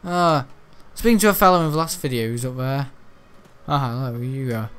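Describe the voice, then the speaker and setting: A man's voice: medium pitch, moderate pace, fairly bright tone, clear, resonant tone. A man giving rambling, self-mocking commentary while playing a video game, often muttering to himself. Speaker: gaming video creator. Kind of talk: gameplay commentary.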